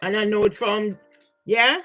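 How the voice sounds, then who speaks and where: Soft music plays under a rough recording of an older vlogger with a bright, forceful, mid-range voice, fairly even in intonation, taking her time. Grieving and aggrieved, she rambles through her personal photos, often checking in with a "yeah?"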